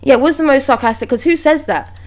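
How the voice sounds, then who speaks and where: A woman's voice: sits high, quick pace. Blunt, chatty woman streamer. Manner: chatty and blunt, swears freely, reads panels aloud. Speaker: streamer reacting to manga. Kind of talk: casual live reaction chat. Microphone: close desk mic.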